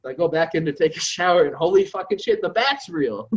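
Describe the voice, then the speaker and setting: A man from New York telling a story in an animated, profane, self-mocking way, on a podcast call. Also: on the high side, fairly quick, lo-fi sound. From New York, USA. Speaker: podcast guest. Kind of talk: casual storytelling.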